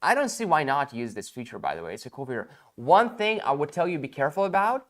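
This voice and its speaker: A man's voice: a little high, big pitch swings, fast talker. Man, tired, livestream sales host, chatty, rambling, joking, many fillers. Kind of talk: casual livestream sales pitch.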